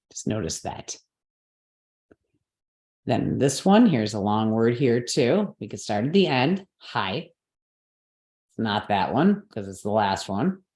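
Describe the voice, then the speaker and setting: A woman teaching a live class, explaining step by step, checking that her students follow, and correcting her own slips out loud. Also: very deep voice, echoey room. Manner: patient, step-by-step explaining with frequent checks for understanding.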